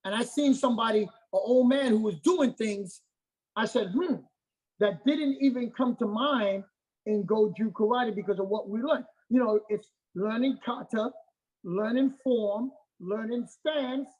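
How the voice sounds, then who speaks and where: A man's voice: sits high, a little slow, a little mellow, low-quality recording. A middle-aged man, a martial arts master, talking as an interview guest in an emphatic, repetitive way, often checking in with "okay?". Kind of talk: casual interview talk.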